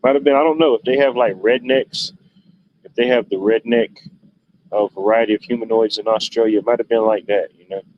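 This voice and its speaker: Laid-back man, low voice. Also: fairly even intonation, fairly quick. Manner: laid-back storyteller, drawling Southern turns of phrase. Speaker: livestream host. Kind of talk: casual rambling chat. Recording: dull lo-fi stream audio, faint noise.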